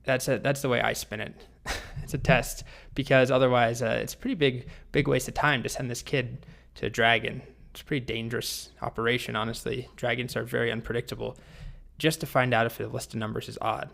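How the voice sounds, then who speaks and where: A male programming instructor telling a story in a recorded course lesson. He talks in a loose, conversational way with small restarts. His pitch sits in a plain middle range. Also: fairly even intonation, fairly quick, vocal fry, fairly bright tone.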